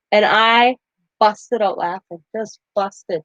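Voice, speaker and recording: A woman's voice: medium pitch, a little slow, no room sound, dull audio. Chatty middle-aged woman telling a story. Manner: chatty, animated, laughs through her story. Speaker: crafting channel host. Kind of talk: casual storytelling.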